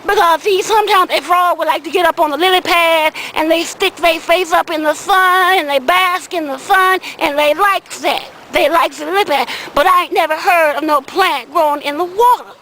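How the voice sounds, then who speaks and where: Uncle Dan, a woman doing a high-voiced rambling old man. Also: moderate pace, few pauses, bright, forceful tone, slight background noise, rough recording. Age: older. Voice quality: folksy, rambling, repeats "I said" and "see". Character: older Southern man, rambling small-time weed seller. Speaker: comic character monologue. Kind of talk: comedic storytelling in character.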